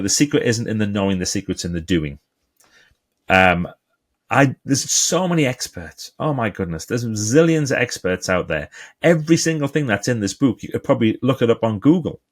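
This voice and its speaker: A man with a Geordie accent speaks in a lowish voice. He is a guest author in a conversational interview, telling stories with energy and playing the people in them. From England. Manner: animated storyteller, acts out quoted voices.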